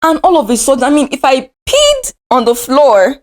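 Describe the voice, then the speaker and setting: A young Nigerian woman telling a personal story in a casual vlog. Her voice sits fairly high and leaps up and down the scale as she acts out the drama. The delivery is animated and expressive. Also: normal speed. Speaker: vlogger.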